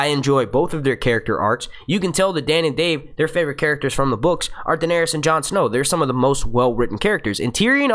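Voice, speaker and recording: A man's voice: on the high side, fairly bright tone. Rambling, swearing man hosting a live Q&A. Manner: rambling, restarts often, swears freely. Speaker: YouTube show host. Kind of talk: casual live Q&A chat. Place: seated at a computer. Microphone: computer microphone.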